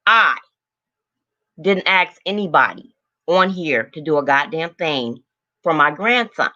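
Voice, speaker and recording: An older woman with a bright, forceful voice rants bluntly at her livestream chat, swearing heavily. The audio is dull and lo-fi, like a muffled phone stream. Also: sits low, expressive, a little slow, long pauses. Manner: blunt, heavily profane, greets viewers by name. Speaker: livestream host. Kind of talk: angry livestream rant to chat.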